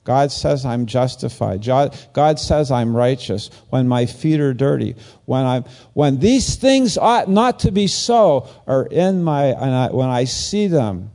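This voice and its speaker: A man giving a casual, conversational sermon as a pastor, rambling and animated, jumping up in pitch when he acts out quoted lines. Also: a little slow, few pauses.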